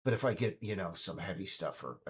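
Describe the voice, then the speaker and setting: A man's voice: sits low, expressive, brisk, slight background noise. A man in his fifties speaking in a casual, indignant, rambling monologue full of restarts. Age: 50s. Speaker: game developer vlogger.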